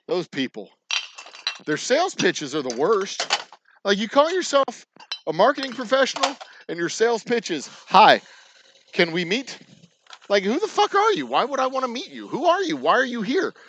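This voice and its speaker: A man's voice: high voice, a bit bright, slight background noise, poor audio. A man with a Texan accent running a distillery's channel, ranting sarcastically with lots of swearing and mocking imitations. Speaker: distillery owner hosting a channel. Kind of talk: ranting casual talk to camera.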